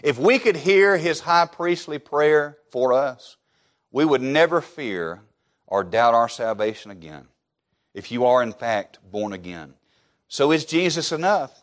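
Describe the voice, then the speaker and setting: Emphatic, rather high-voiced male preacher. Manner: emphatic, with rhetorical questions and repetition. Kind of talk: sermon.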